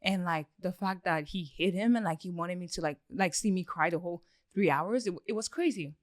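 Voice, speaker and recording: A woman guest on a podcast rambles through a story, dropping lots of fillers and swear words and animatedly acting out quotes. Her voice sits on the low side and moves fairly quickly, recorded at studio quality with no echo.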